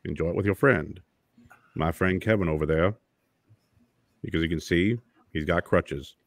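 A man's voice: low-pitched, normal speed. A man co-hosting a radio talk show, chatting casually with dry jokes. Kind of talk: casual chat.

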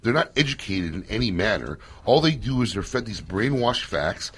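A man hosting a casual radio talk show from a studio, telling stories in an animated, joking way. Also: mid-range voice, a little fast, hardly any pauses, husky. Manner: animated storyteller, loose and joking.

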